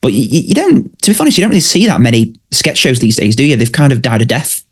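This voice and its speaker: A man's voice: medium pitch, big pitch swings, fast, husky. Chatty man, laughs along. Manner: chatty, laughs often, asks his co-host questions. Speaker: podcast co-host. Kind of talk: casual chat about a sitcom.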